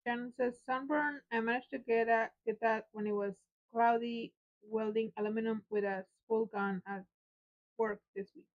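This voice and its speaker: A woman's voice: fairly high pitch, fairly even intonation, normal speed. Playful woman reading chat messages aloud. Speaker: co-host reading viewer comments. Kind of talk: casual livestream chat. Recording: dull lo-fi sound.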